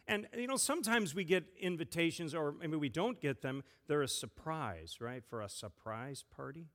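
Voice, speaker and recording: A man, a pastor giving a playful children's sermon and gently asking a child many questions. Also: a little high, expressive, moderate pace. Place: church sanctuary. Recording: long church reverb.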